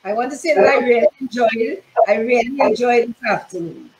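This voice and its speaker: A woman in her seventies from Trinidad, a guest chatting warmly and repeating herself, heard over a video call. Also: a little high, brisk, a crowd in the background, poor audio. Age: 70s. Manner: warm, repeats herself, motherly. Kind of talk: casual chat.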